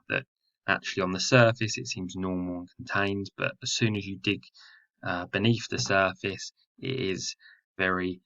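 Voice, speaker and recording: A man's voice: low voice, sharp tone, highs cut off. A man teaching a recorded lesson on a poem. He explains step by step and often says "so remember" and "um". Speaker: English teacher.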